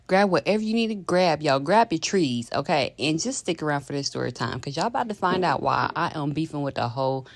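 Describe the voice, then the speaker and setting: A woman, telling a dramatic storytime in slangy casual chat. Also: deep voice. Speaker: vlogger.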